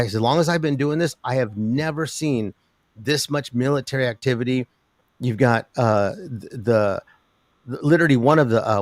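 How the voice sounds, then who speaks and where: An older man, a guest in an interview talking about metals markets, who rambles with an animated delivery, many restarts and laughs. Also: mid-range voice, dry recording. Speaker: precious metals commentator.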